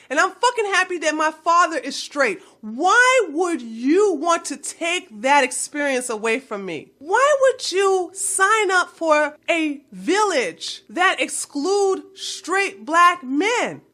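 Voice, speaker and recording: A woman's voice: very high-pitched, bright, forceful tone. A woman vlogger delivering a heated, blunt commentary rant full of swearing. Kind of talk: profane ranting commentary.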